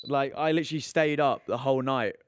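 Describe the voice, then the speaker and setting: A man's voice: mid-range voice, a little fast, a little hiss or hum. A man in his twenties hosting a podcast, chatting bluntly and earnestly, close to a studio mic. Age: 20s. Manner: earnest, blunt, swears casually. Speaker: podcast host. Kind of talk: casual chat.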